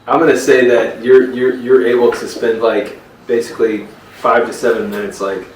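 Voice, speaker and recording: A man's voice: medium pitch, level tone, moderate pace. A man narrating as game master in a casual tabletop session, rambling and full of fillers. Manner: rambling, many fillers and restarts. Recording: roomy, distant, noisy table recording.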